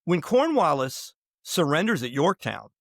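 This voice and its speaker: A man's voice: a little high, sing-song, measured pace, no room sound. A man speaking as a podcast guest, telling history stories and giving emphatic opinions in a conversational interview. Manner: emphatic, opinionated, digressive with restarts.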